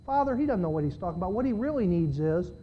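Man playing the Holy Spirit, hushed voice, urgent pleading with God. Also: high voice, big pitch swings, quick pace, dull audio, slight background noise.

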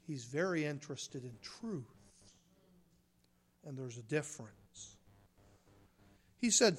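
A man preaching a sermon as a pastor, swinging between hushed, quiet stretches and forceful, rising emphasis. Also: sits high, animated, a little slow.

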